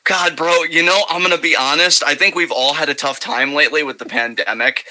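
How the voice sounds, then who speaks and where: Ranting sarcastic young man, bright voice. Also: on the high side, fairly even intonation, a little fast, poor audio. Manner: ranting, sarcastic, swears freely. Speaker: wrestling podcast co-host. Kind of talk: casual profane chat.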